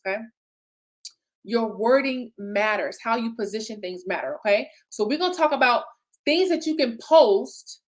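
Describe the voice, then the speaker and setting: Woman coach talking casually to her group, kinda high voice, keeps asking "okay?" and "right?". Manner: lively, chatty, repeats "okay?" and "right?". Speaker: business coach. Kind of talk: live online coaching session.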